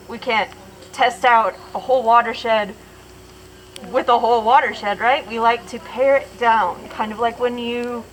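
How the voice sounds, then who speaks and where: Woman, educator, friendly, slow pace, higher voice, noisy background. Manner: friendly, laughs easily, asks students questions. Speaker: station educator. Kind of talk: hands-on classroom lesson.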